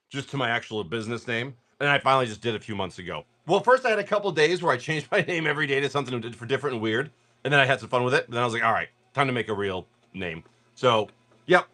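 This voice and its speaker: Just woken up, a man hosting a live card-break stream clears his throat and chats in a rambling way while rattling off card names. His voice is medium-pitched with a sharp tone, and the chatter is casual.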